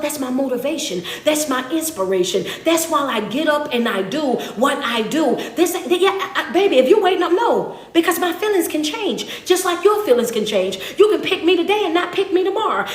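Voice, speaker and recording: High-voiced woman giving an emphatic motivational speech. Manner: emphatic, preacher-like repetition, laughing asides. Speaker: motivational speaker. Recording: roomy echo.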